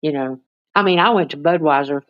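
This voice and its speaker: A woman's voice: a little fast, dry recording, highs cut off. A woman, chatting casually with livestream viewers in a rambling way and cooing at her pets. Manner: rambling, chatty, talks to pets in high baby voice. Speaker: livestream host. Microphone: phone.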